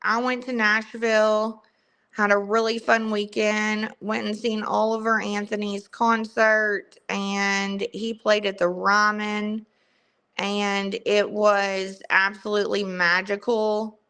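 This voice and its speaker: A woman's voice: mid-range voice, level tone, slow pace, pushed and bright, smooth. A young woman with a strong Southern US accent chatting casually on a livestream and greeting viewers by name. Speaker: livestream host.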